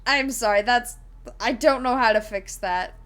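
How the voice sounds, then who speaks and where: A woman's voice: a little high, a little slow, a bit bright. A woman streaming live, chatting casually with viewers in a rambling way, giggling and full of fillers while she explains a tabletop game.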